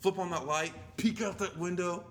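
A man telling animated stories in a casual chat, swearing often and laughing as he talks, with faint noise in the background. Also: high-pitched, normal speed. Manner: profane, animated storytelling.

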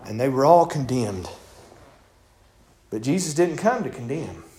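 A man preaching a sermon in a folksy storytelling manner, acting out voices and building to shouts. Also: mid-range voice, very animated, measured pace.

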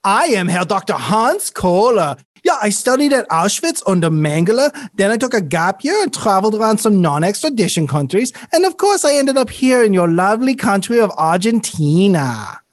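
A woman's voice: medium pitch, very animated, normal speed, hardly any pauses, dry recording, lightly acted. A woman playing a bumbling male German doctor, a shifty ex-Nazi, in a put-on German accent with a smarmy, stammering manner. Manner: smarmy, bluffing, stammering excuses. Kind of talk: comedy sketch acting.

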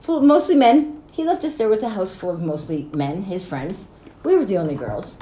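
A woman's voice: mid-range voice, big pitch swings, moderate pace, warm tone. A woman telling stories in casual chat, swearing freely and laughing between lines. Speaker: storyteller. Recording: echoey room with faint noise.

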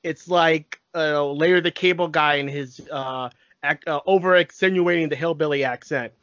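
A man in his thirties co-hosts a podcast in an easygoing way and explains points with examples. His voice sits fairly high. The sound is dry, dull and lo-fi. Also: fairly even intonation, moderate pace, fairly bright tone, no echo. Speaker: podcast co-host. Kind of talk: casual chat.

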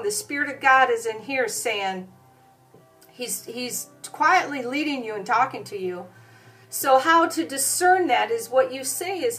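A woman preaching a sermon, hesitating with fillers at times and then pressing her points with forceful repetition. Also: on the high side, expressive, unhurried, far from the mic, faint music behind. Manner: emphatic, repeating phrases with rising force.

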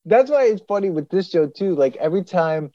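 Animated man, lively storyteller. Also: sits high, a little fast, muffled recording, soft background music. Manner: animated storytelling with acted-out quotes. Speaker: podcast co-host. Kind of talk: casual chat.

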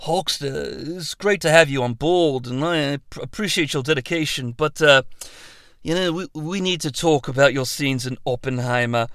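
A man voicing a quiet, halting film director breaking bad news. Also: fairly high pitch, smooth, dry recording, studio quality, voice pushed down, close to an everyday voice. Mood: apologetic. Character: soft-spoken hesitant male film director.

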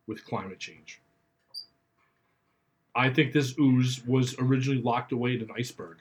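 A man casually commenting on a horror movie with a co-host, teasing with deadpan jokes. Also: mid-range voice, normal speed.

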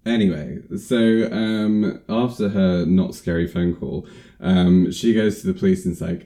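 Deep-voiced man rambling through a film recap. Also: unhurried, mellow. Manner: rambling, lots of fillers. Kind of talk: casual film recap chat.

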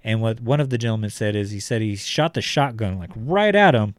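A man's voice: lowish voice, animated, a little fast, no echo, studio quality. A man co-hosting a podcast, telling stories in a loose, profane way full of fillers. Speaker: podcast co-host. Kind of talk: casual storytelling.

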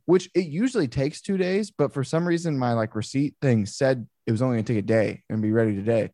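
Animated man telling stories, dry sound. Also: medium pitch, brisk, no echo. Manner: animated storyteller, swearing, acts out exasperation. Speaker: podcast co-host. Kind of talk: casual chat.

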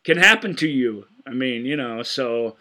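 A man's voice: medium pitch, animated, measured pace, bright, forceful tone. A man co-hosting a casual film podcast, retelling scenes with enthusiasm and frequent stammered restarts. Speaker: podcast co-host.

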